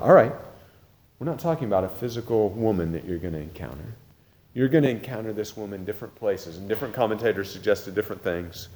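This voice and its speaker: A man preaching a sermon with earnest urgency, rising loud and dropping to a hush. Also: on the low side, a little fast, long reverb tail. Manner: earnest, swings from loud urgency to hushed intensity. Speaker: pastor.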